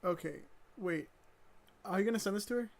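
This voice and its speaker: A young man with a high voice joins a casual chat. He teases his friend and cuts in with quick reactions. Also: creaky. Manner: teasing, interjecting with quick reactions.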